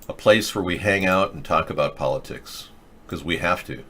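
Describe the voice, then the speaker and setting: A man's voice: low voice, normal speed, fairly bright tone. A man hosting a live political video chat show, rambling and joking as he answers viewers' comments. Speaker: political talk show host.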